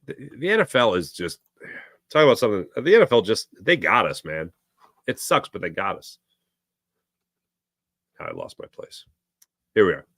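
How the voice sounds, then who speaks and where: A man's voice: on the low side, wildly swooping pitch, moderate pace, pauses often, a bit bright, no echo, studio quality. A young man hosting a live sports talk stream, rambling and reading viewers' comments aloud. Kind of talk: casual live-stream chat.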